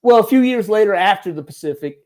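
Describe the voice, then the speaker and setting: A man's voice: sits high, quick pace. A man, a former Marine turned stuntman and advisor, telling casual rambling stories in an interview and acting out the voices of others. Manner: rambling, lively, acts out quoted voices.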